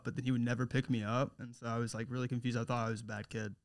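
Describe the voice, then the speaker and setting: A man, the show's producer, briefly joining casual chat in a quiet aside. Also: medium pitch, little pitch movement, rapid-fire, no room sound, studio quality. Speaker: podcast producer.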